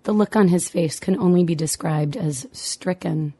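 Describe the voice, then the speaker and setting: Wry, warm-voiced woman reading a memoir. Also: on the low side, normal speed, husky. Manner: dry, wry humor. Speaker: memoir narrator, mother.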